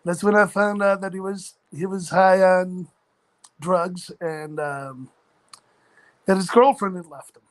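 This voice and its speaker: A man's voice: high voice, steady tone, slow. A man in his forties casually telling a long personal story in a rambling, earnest, matter-of-fact way. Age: 40s. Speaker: chat room participant.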